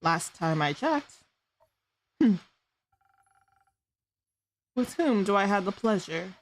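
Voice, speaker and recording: A woman's voice: medium pitch, sing-song, slow pace. A woman streamer doing giggly, playful improvised role-play, stumbling over made-up fantasy names.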